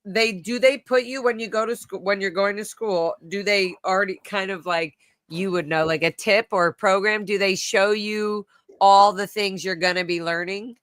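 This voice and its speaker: Emotional woman chatting casually, bright and smooth, dry sound. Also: mid-range voice, fairly even intonation, normal speed, no room sound. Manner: emotional, swearing storyteller. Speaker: host. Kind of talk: casual chat.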